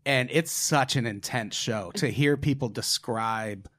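A man's voice: medium pitch, measured pace. Man casually retelling stories. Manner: relaxed, conversational retelling of stories with many fillers. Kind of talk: casual podcast chat.

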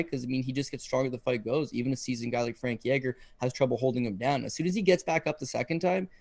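A man co-hosting a casual podcast, giving emphatic, quick breakdowns of fights and betting picks. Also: medium pitch, a little mellow, no echo. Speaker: co-host, fight analyst.

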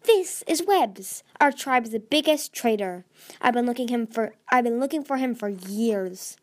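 A woman's voice: fairly high pitch, expressive, measured pace, darkish tone. A woman voicing a furious, commanding female dragon queen who hisses her words. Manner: hissing, commanding.

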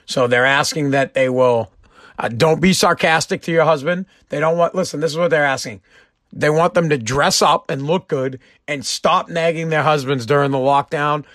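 Man, livestream host, brash and jokey, casual swearing, slightly high voice, dead-dry close mic. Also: normal speed, a bit bright, no room sound. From Massachusetts. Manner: blunt, joking, swears freely. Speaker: host of a live-streamed show. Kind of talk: casual rant.

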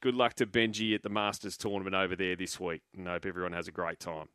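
A man's voice: sits low, level tone, quick pace, a bit bright, clear, resonant tone, no room sound, clean studio sound. An Australian man hosting sports radio, taking calls in an easygoing, casual way. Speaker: radio host. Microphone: studio mic.

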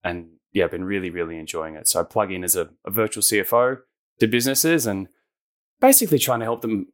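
A man's voice: fairly low pitch, fast talker. A man in his forties with an Australian accent, a guest chatting easily and laughing readily in an interview. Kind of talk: casual interview chat.

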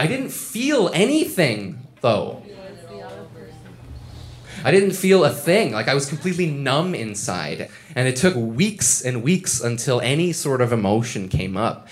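Candid young man telling a personal story. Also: lowish voice. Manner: candid, conversational, self-deprecating.

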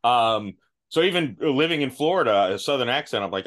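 A man's voice: medium pitch, animated, fairly quick, a bit bright. A man hosting a podcast, talking casually and self-deprecatingly, often restarting his sentences. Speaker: podcast host. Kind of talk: casual chat.

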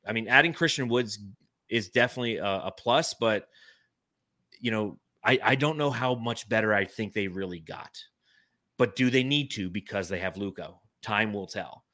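A man in his thirties co-hosting a casual sports talk show, animated and swearing now and then. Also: mid-range voice, no room sound, clean studio sound. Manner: animated, swears, reads chat comments. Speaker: podcast co-host.

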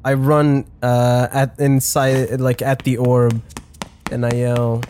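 A woman's voice: very deep voice, flat delivery, slow pace, background noise. A woman playing in a tabletop game, asking earnest questions in character. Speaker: player. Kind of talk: casual tabletop role-play.

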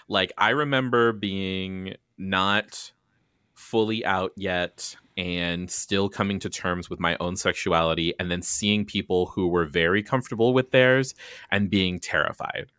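A man's voice: deep voice, bright, forceful tone, smooth, no echo, clean studio sound. A man co-hosting a podcast, joking and talking earnestly in casual chat. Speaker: podcast co-host.

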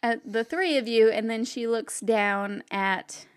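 Slow, high-voiced woman game master. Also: smooth. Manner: unhurried, with many fillers. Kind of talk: narrating a tabletop game.

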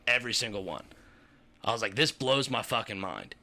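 A man's voice: fairly low pitch, animated, brisk, sharp tone. A man from the Kentucky tri-state area, a podcast co-host, telling a rambling, profane story in a casual chat.

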